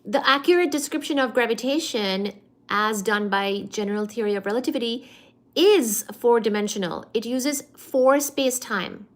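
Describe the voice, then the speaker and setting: A young adult woman hosting a casual physics study stream, thinking aloud and answering viewer chat with animated, expressive delivery. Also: fairly high pitch, moderate pace. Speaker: livestream science host reading viewer chat.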